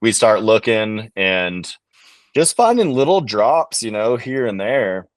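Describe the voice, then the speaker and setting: A man on a podcast, a bowhunting guest telling a hunting story in a relaxed, rambling way with lots of fillers. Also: fairly low pitch, slow, no room sound. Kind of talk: casual storytelling in an interview.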